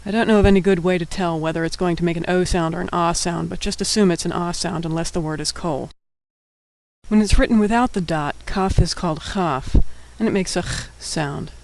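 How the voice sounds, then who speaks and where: A man's voice: sits high, rough recording. A man teaching a Hebrew alphabet lesson, patiently sounding out words syllable by syllable.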